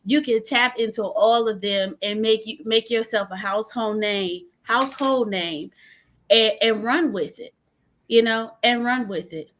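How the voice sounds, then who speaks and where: Lively Southern woman attorney, higher voice. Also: measured pace. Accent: Southern US, Louisiana. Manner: lively, chatty, laughs often. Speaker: attorney and guest speaker. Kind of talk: virtual summit interview. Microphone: video call.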